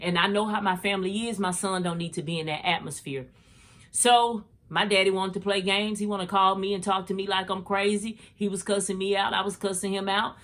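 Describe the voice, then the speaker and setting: A middle-aged woman with a medium-pitched voice talks fairly quickly as she recounts a personal faith story on her podcast. Her delivery is animated and full of slang, and she speaks straight to listeners, calling them "y'all."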